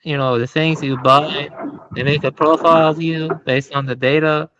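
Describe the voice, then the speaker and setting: A man's voice: fairly high pitch, steady tone, normal speed, fairly bright tone, lo-fi sound, slight background noise. A man in a casual chat, talking hesitantly with many fillers.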